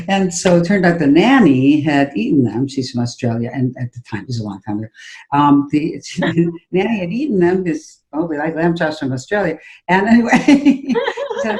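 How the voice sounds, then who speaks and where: Low-voiced woman acting coach, emphatic. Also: lively intonation, normal speed, a little mellow. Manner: emphatic storytelling, acts out her own outbursts. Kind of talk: conversational interview.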